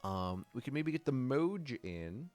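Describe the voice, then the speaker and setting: A man's voice: mid-range voice, very animated, unhurried, darkish tone, no room sound. A man streaming while he makes music, chatting casually and thinking aloud, with a slight lisp from a sore tongue. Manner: rambling, thinks aloud, trails off mid-sentence. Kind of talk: casual live-stream chat.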